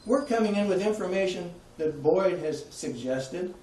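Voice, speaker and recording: A man's voice: sits high, animated, normal speed, hardly any pauses, warm tone, far from the mic, slight background noise. A man giving a conversational public talk, putting questions to his audience. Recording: echoey room, heard from afar.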